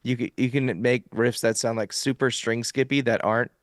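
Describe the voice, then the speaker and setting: A man's voice: mid-range voice, normal speed, dry recording, studio quality. A young adult man, a guest musician, chatting casually and explaining things at length with many fillers. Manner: relaxed, explains things in detail with lots of fillers. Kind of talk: casual interview chat.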